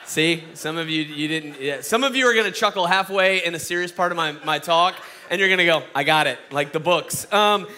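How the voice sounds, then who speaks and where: A man's voice: a little high, fairly quick, pushed and bright. A man with a Southern accent from Atlanta, a guest pastor giving a folksy, conversational sermon full of fillers and restarts. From Atlanta, Georgia.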